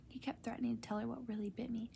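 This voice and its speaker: A woman's voice: a little high, level tone, rapid-fire, creaky, mellow, a little hiss or hum. A woman in a whispered role-play voicing an anxious, grumbling young boy wizard in a storybook reading.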